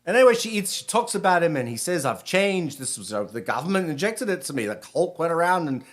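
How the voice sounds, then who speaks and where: A man's voice: on the high side, sing-song, fast talker. A man from Britain, a rabbi, giving a casual spiritual talk in a rambling, conversational way full of restarts.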